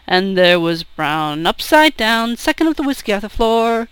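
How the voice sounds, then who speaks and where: A woman's voice: a little high, very animated, moderate pace, a bit bright, clean tone, no room sound, rough recording. A woman singing a comic folk drinking song with a rowdy storytelling delivery, speaking out the lines of the characters.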